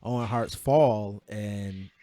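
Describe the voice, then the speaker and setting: A man's voice: fairly low pitch, slow, mellow, slight background noise. A man co-hosting a podcast, retelling a story in casual chat with many quoted exchanges and restarts. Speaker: podcast co-host.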